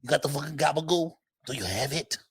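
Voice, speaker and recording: A man puts on a brash Italian-American uncle, teasing and half-laughing through it. The voice is husky and lively in pitch. It sounds dry and close. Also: fast talker, no room sound, full character voice. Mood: mocking.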